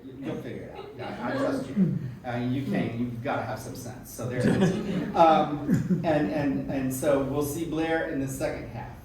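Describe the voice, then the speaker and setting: A man's voice: mid-range voice, lively intonation, moderate pace, a crowd in the background. Chatty man hosting in an echoey hall. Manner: effusive, chatty, laughs often. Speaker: event host. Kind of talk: live stage introductions. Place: small event hall in a music school. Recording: echoey room from far off, noisy.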